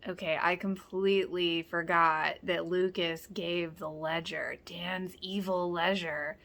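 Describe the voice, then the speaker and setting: A woman's voice: fairly low pitch, fairly even intonation, slow pace, creaky, a bit bright. A woman hosting a rewatch reaction, talking casually, exclaiming often and quoting characters in passing. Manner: chatty, exclaims and laughs often, quotes characters.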